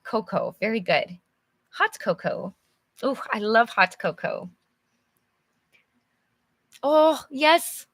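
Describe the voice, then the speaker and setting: A woman teaching English to learners on a live stream, reading from a storybook and stopping often to explain words. She speaks slowly with a bright, slightly high voice that carries energy. Her sound is close and dry, with almost no room. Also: no room sound. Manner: friendly and chatty, asks viewers questions, laughs often. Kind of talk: slow, clear live teaching and read-aloud.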